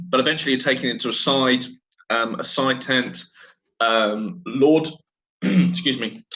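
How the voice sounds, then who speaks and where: A man's voice: mid-range voice, sharp tone, rough recording. A man narrating as game master for a tabletop game, hesitant and full of ums.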